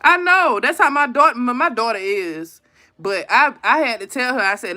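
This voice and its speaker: A woman's voice: fairly high pitch, a little slow, long pauses. A woman in her thirties hosting a live stream, talking casually and animatedly to her viewers about her kids' online classes. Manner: animated storytelling, talks straight to viewers as "y'all".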